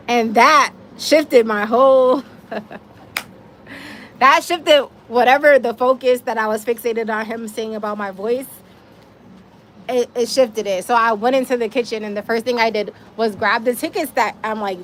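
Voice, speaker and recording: Lady ranting through a story on a livestream, kinda high voice, faint hiss behind. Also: measured pace. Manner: animated, emphatic storytelling with laughs and swearing. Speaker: livestream host telling her own story.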